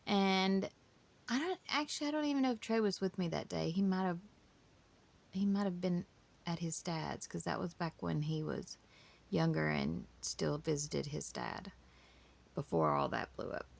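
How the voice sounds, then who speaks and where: A woman's voice: on the low side, expressive, moderate pace, vocal fry. A woman, telling her family story in a casual, emotional, rambling way. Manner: emotional, rambling with many restarts.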